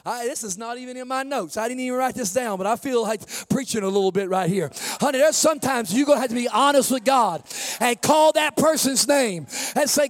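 A man preaching a sermon to his congregation as pastor, swinging from shouts to soft asides, calling listeners "honey" and laughing at his own jokes. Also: very high-pitched, lively intonation, fairly quick.

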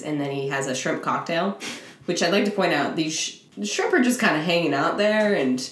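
A woman co-hosting a casual chat, mocking a movie with giggles and lively, exaggerated retellings. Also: low voice, brisk, roomy sound. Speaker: podcast co-host.

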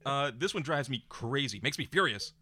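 Lively bright-voiced man, dry sound. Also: mid-range voice, moderate pace, no room sound. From United States. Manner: joking, playful back-and-forth. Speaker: podcast co-host. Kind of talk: casual chat.

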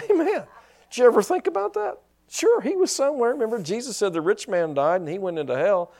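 A male pastor preaching a sermon, telling stories and rising into shouted praise. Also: sits high, animated, a little fast.

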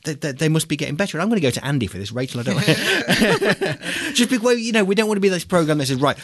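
A man's voice: fairly high pitch, sing-song, quick pace, a bit bright, no echo, studio quality. A man hosting a casual film podcast, rambling and hesitant, with many restarts. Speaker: podcast host.

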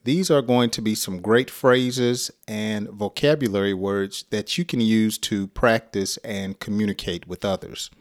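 Slow-speaking American man teaching English. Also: lowish voice, fairly even intonation. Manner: slow, deliberate and clearly spoken, with light chuckles. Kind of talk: scripted English lesson.

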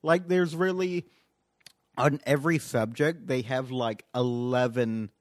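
A man's voice: medium pitch, a little slow, no room sound, clean studio sound. A man hosting a podcast, chatting loosely with frequent laughter and swearing. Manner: laughs often, loose and profane. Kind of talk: casual chat.

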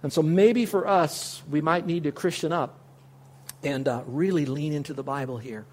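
A man delivers a sermon in a fairly high voice. He is earnest and direct, turning to his listeners with question after question. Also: moderate pace, a little mellow, a little hiss or hum. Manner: earnest, speaks straight to listeners with rhetorical questions. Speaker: pastor.

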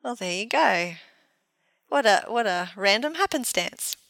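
Bright-voiced chatty woman podcaster. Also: mid-range voice, expressive, measured pace, gravelly, dry recording, low-quality recording. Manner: chatty, laughs often, self-mocking. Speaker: podcast co-host. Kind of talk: casual chat.

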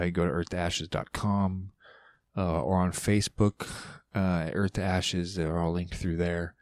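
A man's voice: deep voice, a little mellow, no room sound, studio quality. A man hosting his own podcast, rambling loosely and swearing casually, with playful asides. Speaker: podcast host. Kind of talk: casual solo podcast chat.

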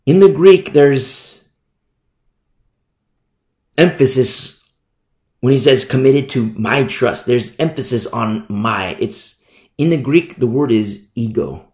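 A man's voice: mid-range voice, animated, takes it slowly, pauses often, a little mellow, reverberant. A man preaching a verse-by-verse Bible study sermon, repeating phrases and asking rhetorical questions. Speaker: pastor. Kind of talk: expository Bible teaching sermon.

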